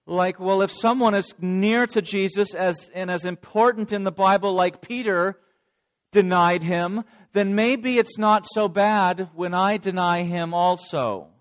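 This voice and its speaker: Man, preacher, sermon, direct address, slightly high voice. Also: measured pace.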